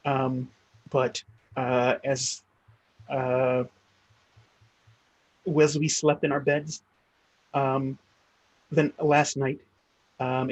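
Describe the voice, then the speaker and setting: A man's voice: medium pitch, dry recording, low-quality recording. A man voicing an anxious, tall male townsman with missing teeth who stammers while trying to seem composed. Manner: stammering, flustered.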